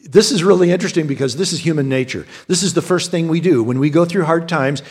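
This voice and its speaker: A man's voice: fairly high pitch, quick pace, darkish tone, slightly rough. A man, a pastor, preaching a sermon in a conversational way, often repeating words and restarting as he talks straight to his congregation. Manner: addresses the congregation directly.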